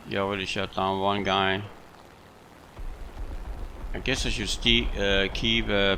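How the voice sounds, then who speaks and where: Low, bright-toned man casually commenting on his gameplay, light background hiss. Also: creaky. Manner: relaxed, chatty, self-amused. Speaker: gaming video host.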